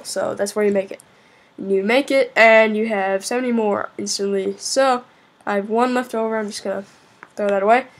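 A woman casually narrating a video game weapon review, rambling and chatty with frequent hesitations. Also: mid-range voice. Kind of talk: casual gameplay commentary.

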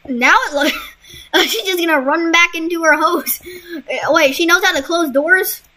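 A young woman casually commenting on a game she is playing, laughing and reacting out loud. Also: very high-pitched, moderate pace. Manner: giggly, exclamatory, reacting out loud. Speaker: gamer.

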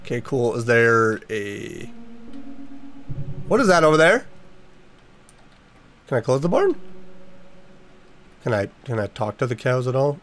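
A man's voice: medium pitch, lively intonation, moderate pace, pauses often. A man giving let's play commentary, jumpy and reactive, talking to the game's characters and using mild minced oaths. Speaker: gaming YouTuber.

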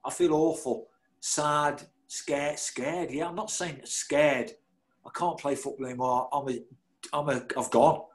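Male guest, 60s, slightly high-pitched, animated self-mocking storyteller. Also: a little slow. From Birmingham, England. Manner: animated, self-deprecating, laughs through his stories. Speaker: guest, former footballer. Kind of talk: anecdotal storytelling.

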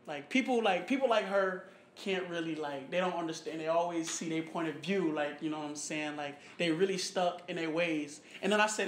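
A young man in his early twenties telling a personal story in casual conversation, animated and acting out what people said, often asking "you know what I'm saying". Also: fairly high pitch. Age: young adult, about 21. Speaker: interviewee in a photo project. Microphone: recorded conversation played back in the talk. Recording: echoey room with faint background noise.

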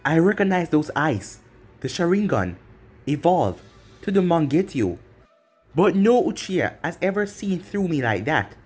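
Booming slow sand demon guy, arrogant and ancient, voice swings up and down a lot, a man putting it on, bit of music behind. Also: very animated, a little mellow, husky, heavily acted. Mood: wary.

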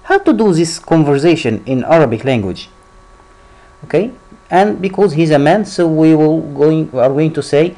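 A young man teaching a language lesson online, repeating short example phrases slowly for students to copy. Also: a little high, lively intonation, mellow, rough recording. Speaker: Arabic tutor.

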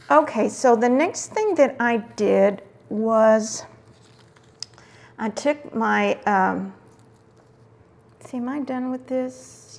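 A middle-aged woman hosts a casual crafting tutorial, chatting warmly while she works and sometimes drifting into murmurs to herself. Her voice is on the high side and creaky, with lively intonation, drawn-out words and long pauses.

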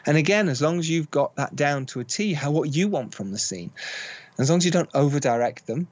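A man's voice: fairly high pitch, fairly quick, dry recording, dull audio. A man, a film director guest on a podcast, telling stories and acting out quoted dialogue. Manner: animated storyteller acting out quotes. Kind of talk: podcast interview.

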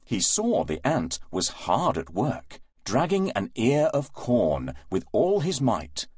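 A man narrating a rhyming bedtime fable in a sing-song, expressive way. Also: mid-range voice, slow pace, breathy edge, no room sound, studio quality.

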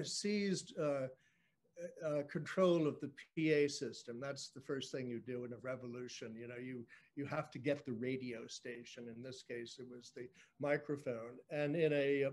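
A man in his sixties, a guest telling a story with dry, self-mocking humor, halting often with fillers and restarts. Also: mid-range voice, a little mellow. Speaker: guest storyteller, former speechwriter. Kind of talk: anecdotal storytelling on a virtual book event.

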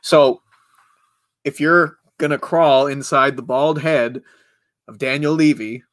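Joking podcast guy, bright punchy voice, super dry sound. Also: mid-range voice, no room sound. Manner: animated, joking, quick to laugh. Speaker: podcast co-host. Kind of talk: casual chat.

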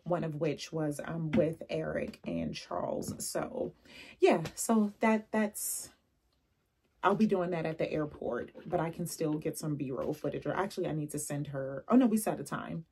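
A young adult woman vlogging casually, telling animated stories with laughs and asides. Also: deep voice, measured pace, a little hiss or hum. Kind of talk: casual chatty vlog.

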